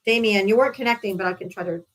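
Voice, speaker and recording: A woman's voice: mid-range voice, racing, fairly bright tone, rough recording. A woman hosting a live talk stream in a casual, blunt way, swearing freely. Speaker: livestream host.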